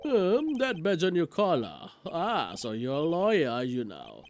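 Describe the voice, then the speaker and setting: A man's voice: on the high side, huge pitch swings, measured pace, faint music behind, heavily acted. A man voicing a pompous, blustering older male lawyer from a video game, with a grandiose, theatrical delivery.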